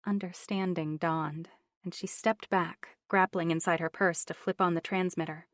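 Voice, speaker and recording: A woman reads a novel aloud as an audiobook narrator, her scripted narration measured and even. She pitches slightly low; the recording is dry, with studio quality.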